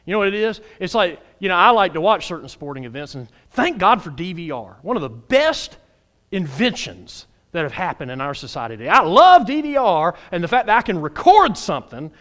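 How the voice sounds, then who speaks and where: A man preaches in a high, lively voice. He is folksy and playful, dropping to a hush one moment and shouting the next. His talk leaps all over his range. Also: a little fast. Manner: animated, swings from hushed to shouting. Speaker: pastor. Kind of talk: sermon.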